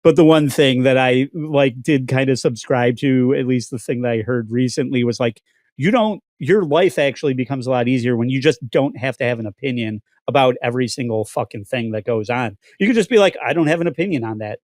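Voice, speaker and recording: A man's voice: mid-range voice, steady tone, fairly quick, darkish tone, dry recording. Swearing male podcast host, dry sound. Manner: profane, ranting, many restarts. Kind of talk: casual podcast commentary.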